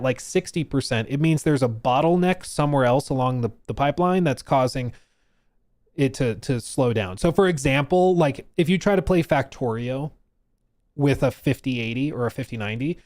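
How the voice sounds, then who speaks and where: Male streamer from Colorado, chatty and animated, slightly high voice, dry close-mic sound. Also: no room sound. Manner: chatty, reads chat aloud, explains and jokes. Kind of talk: casual live-stream chat.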